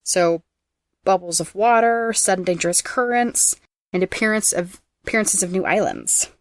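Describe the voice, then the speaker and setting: A woman's voice: fairly low pitch, sing-song, no room sound. Teasing woman reading trivia facts. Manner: brisk and teasing, reads facts aloud, laughs often. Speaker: podcast host presenting trivia.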